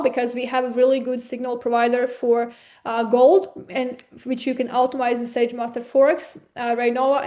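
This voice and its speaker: A woman presenter with a non-native accent, pitching packages in an eager, persuasive way over a webinar. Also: a little mellow. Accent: non-native English. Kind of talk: sales pitch.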